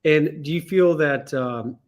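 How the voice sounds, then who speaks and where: A man hosting an interview, asking measured, somewhat hesitant questions with fillers. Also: fairly high pitch. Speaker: interview host.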